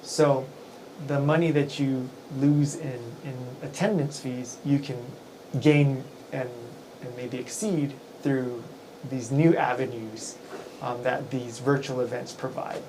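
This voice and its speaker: A man's voice: medium pitch, fairly even intonation, takes it slowly, darkish tone, slight background noise, low-quality recording. A man hosting a casual business talk show, rambling with lots of fillers and restarts, working as an event emcee. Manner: rambling, filler-heavy, with frequent self-corrections.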